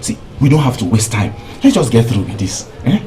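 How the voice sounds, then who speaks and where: A man's voice: mid-range voice, big pitch swings, brisk, dark tone, slight background noise, close to an everyday voice. An actor playing a pleading young village man with a Nigerian accent who coaxes and wheedles. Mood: coaxing. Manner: coaxing, wheedling. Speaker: suitor.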